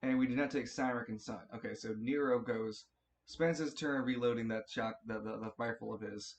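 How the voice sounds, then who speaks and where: A man's voice: medium pitch, fairly even intonation, normal speed. A man running a tabletop game as game master, narrating turns casually, swearing freely and often restarting his sentences.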